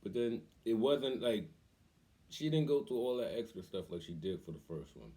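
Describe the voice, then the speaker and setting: A man casually telling a story on his vlog, animated and acting out the voices of people in it. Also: on the low side, normal speed. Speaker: cooking vlogger.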